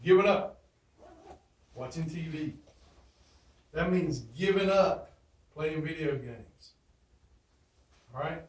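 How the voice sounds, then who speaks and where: A high-pitched man speaks to his class from a distance, his voice bouncing around a roomy classroom. He talks emphatically, drills catchphrases and throws questions back at his students. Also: takes it slowly, long pauses, darkish tone. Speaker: teacher. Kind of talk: motivational classroom talk. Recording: roomy echo, from far off.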